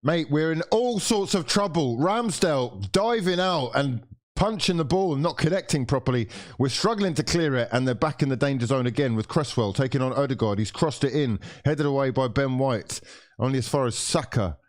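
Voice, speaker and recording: During live watchalong commentary on a football match, a young man vents his exasperation, swearing nonstop at the players and the ref. His mid-range voice is expressive and moves at a moderate pace.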